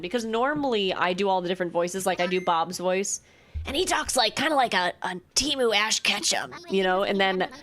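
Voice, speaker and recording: A woman streamer chatting casually while playing a game, excitable and full of "like" and quick reactions. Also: mid-range voice, a little hiss or hum. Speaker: live streamer.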